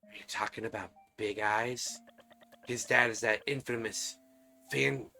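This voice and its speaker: A man's voice: fairly low pitch, fairly even intonation, normal speed, vocal fry, sharp tone, heavily acted. A man voicing a schoolkid character who passes on rumors in a confiding way. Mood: gossipy.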